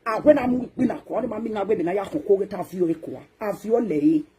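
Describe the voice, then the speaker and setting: A Nigerian-accented woman hosts a social media talk show, delivering a scolding rant that lurches from loud outbursts to hushed muttering. Her pitch is medium and she races through it, with a crowd audible behind her.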